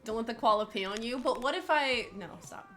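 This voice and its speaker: A young woman guesting on a casual gaming stream, jokey and teasing, full of quick banter. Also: fairly high pitch, fairly bright tone, soft background music.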